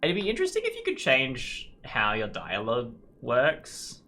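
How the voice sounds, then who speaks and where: A man's voice: mid-range voice, huge pitch swings, moderate pace, bright, forceful tone. A young man streaming a game, reading its text aloud and making joking comments. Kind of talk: casual gaming commentary.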